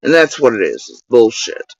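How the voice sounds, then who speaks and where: A man's voice: medium pitch, sing-song, moderate pace, creaky, dry recording. A man hosting his own channel, delivering an angry, profane rant full of accusations and insults aimed at one person. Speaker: channel host. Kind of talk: angry direct-to-camera rant. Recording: dull lo-fi dry recording.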